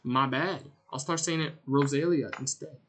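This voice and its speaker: A man streaming a game, chatting casually and rambling in a jokey way, with sudden loud outbursts as he answers his chat. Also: medium pitch, moderate pace. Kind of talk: casual gameplay commentary.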